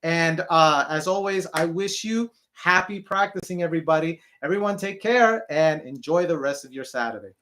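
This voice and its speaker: A man's voice: on the high side, normal speed, few pauses, a bit bright. A man teaching an online singing lesson, explaining posture and technique step by step and checking in often with the learner. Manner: encouraging, repeats "okay?" to check in.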